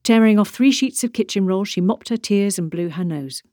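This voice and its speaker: Woman narrator, steady mid-pitched read, dry studio sound. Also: no room sound. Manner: measured, steady storytelling. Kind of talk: audiobook narration.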